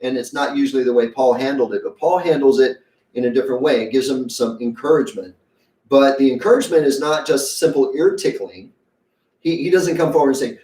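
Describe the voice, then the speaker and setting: A man's voice: medium pitch, fairly quick, dark tone, reverberant, recorded from a distance. A man preaching a sermon as pastor, conversational and folksy, acting out quotes as he goes. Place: church sanctuary.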